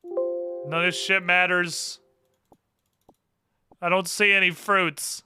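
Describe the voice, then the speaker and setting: A man's voice: sits high, level tone, slow pace, over music. A man chatting casually and sardonically on a live game stream, muttering to himself between rants. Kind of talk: casual live-stream chat while gaming.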